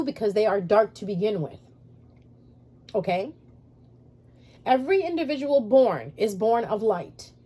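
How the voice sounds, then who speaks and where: A woman's voice: a little high, mellow, slightly rough. A woman vlogging spiritual advice to her subscribers, emphatic and repetitive, speaking straight to her viewers. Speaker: spiritual YouTuber.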